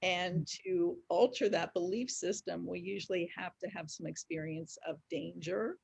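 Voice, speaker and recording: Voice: mid-range voice, moderate pace, vocal fry, darkish tone, slightly rough. A speaker in a reflective spiritual discussion, earnest and explanatory. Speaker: discussion panelist.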